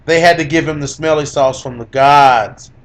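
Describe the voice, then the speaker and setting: A young man with a fairly high voice gloats through a casual fight recap on a podcast. He teases his co-host, repeats his points again and again, and laughs often. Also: moderate pace. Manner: teasing, boastful, repeats lines for emphasis, laughs a lot. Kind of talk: gloating casual MMA commentary.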